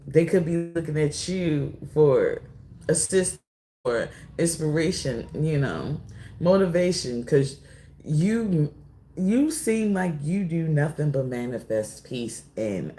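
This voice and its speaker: Low slow woman doing a card reading, rambly, keeps saying sorry. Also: expressive, warm tone. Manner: slow, drawling, rambling with many apologies. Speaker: tarot reader. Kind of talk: casual oracle card reading.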